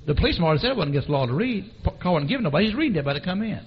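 A man preaches a sermon with anecdotes in a fairly high, husky voice, talking very fast. His storytelling is animated, and he calls on the congregation, all captured on a dull, lo-fi recording.

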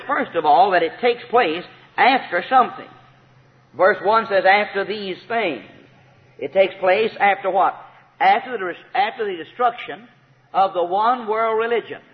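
High-voiced preacher in an echoing hall. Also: male voice. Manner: emphatic, repeats key phrases, rises to shouts of praise. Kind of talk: sermon. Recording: tinny phone-like sound with long hall reverb.

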